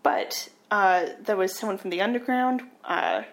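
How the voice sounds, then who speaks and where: A woman's voice: mid-range voice, a little slow, gravelly. Woman hosting a film chat, retelling scenes casually, laughing a lot. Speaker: podcast host.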